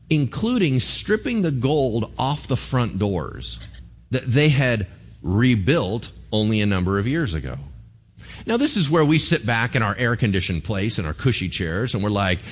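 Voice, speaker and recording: Animated man preaching with sweeping pitch. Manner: animated, conversational, asks the crowd rhetorical questions. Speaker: pastor. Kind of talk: sermon.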